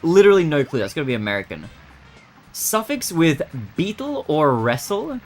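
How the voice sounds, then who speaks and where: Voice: medium pitch, big pitch swings, moderate pace, darkish tone, soft background music. A streamer thinking aloud while solving word puzzles, muttering guesses and laughing often.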